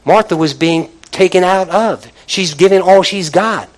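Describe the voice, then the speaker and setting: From a church pulpit, a pastor with a high-pitched voice preaches unhurriedly and conversationally, calling out to the congregation. The audio is poor.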